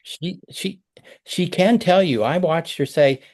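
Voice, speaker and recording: A man's voice: a little high, slow, darkish tone. A middle-aged man coaching a parent over a video call, talking conversationally and acting out example phrases.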